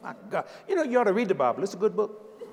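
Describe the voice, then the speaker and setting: An older man preaching a sermon, emphatic and joking, now and then breaking into shouts. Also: sits high, sing-song, fast talker, creaky, a little hiss or hum. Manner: emphatic, jokey preaching with sudden shouted lines. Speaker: visiting preacher. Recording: long hall reverb.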